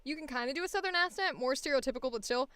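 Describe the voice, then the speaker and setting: A woman's voice: high voice, animated, rapid-fire, a bit bright, dry recording. A woman voice actor chatting casually and thinking aloud while she records an audition.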